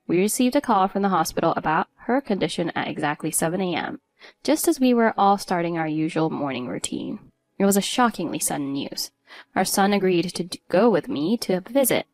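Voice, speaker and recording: A woman's voice: on the low side, no room sound. A woman narrating a first-person story in an earnest, emotional way.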